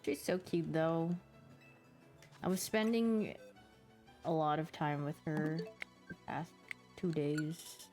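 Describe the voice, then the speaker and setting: A young woman chats casually on her stream, bubbly and quick to giggle. She slips into playful little voices for her pets as she talks. Soft music plays faintly underneath. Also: low voice, steady tone.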